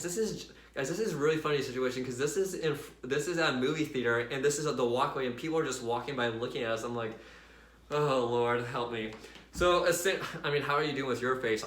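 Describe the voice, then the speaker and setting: A man casually telling a personal faith story to his viewers in a chatty, animated way, full of fillers. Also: mid-range voice, quick pace, roomy sound. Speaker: vlogger sharing a faith story.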